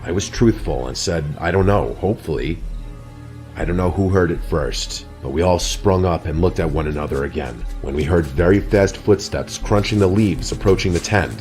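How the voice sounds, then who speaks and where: A man narrating a scripted horror story in a steady, even storytelling delivery. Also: low-pitched, normal speed, hardly any pauses. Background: soft background music.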